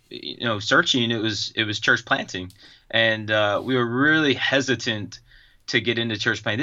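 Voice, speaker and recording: A man, a pastor and church planter, earnestly telling his story as an interview guest over a video call. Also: mid-range voice. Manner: earnest, relaxed, many fillers. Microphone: video call over Skype. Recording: dull lo-fi Skype audio.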